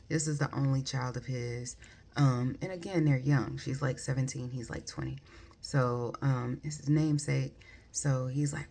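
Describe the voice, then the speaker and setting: Very low, gravelly-voiced woman reviewing a book. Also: steady tone, moderate pace, darkish tone. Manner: rambling, many ums and likes, self-correcting. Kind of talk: casual book review vlog.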